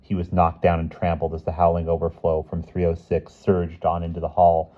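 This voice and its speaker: A man reading a children's storybook aloud in a lively, expressive way. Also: low voice, normal speed, phone-quality sound. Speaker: audiobook reader. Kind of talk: storybook narration.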